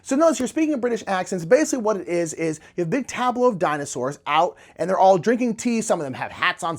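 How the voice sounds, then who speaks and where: Man gushing about board games, casual vlog talk, lots of ums and likes. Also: high-pitched. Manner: enthusiastic, chatty, many fillers. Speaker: board game reviewer. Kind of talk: casual game review vlog.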